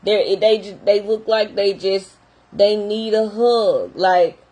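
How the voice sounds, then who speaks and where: Husky woman chatting to camera. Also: mid-range voice, slow, low-quality recording. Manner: animated, colloquial, talks straight to viewers. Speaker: behavior therapist vlogger. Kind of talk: casual talk to camera.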